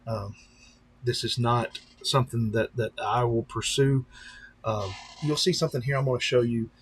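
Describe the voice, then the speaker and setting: A man's voice: mid-range voice, steady tone, moderate pace, slight background noise. A man, a pastor, chatting casually on a live stream, rambling and talking straight to his viewers. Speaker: pastor and drone-racing streamer.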